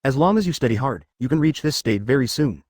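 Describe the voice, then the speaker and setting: A man voicing a gentle, doting immortal emperor who talks to his wife and daughter with a smile, recorded close and dry. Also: mid-range voice, expressive, fast, slightly rough, dry recording. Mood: gently reassuring. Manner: smiling, reassuring.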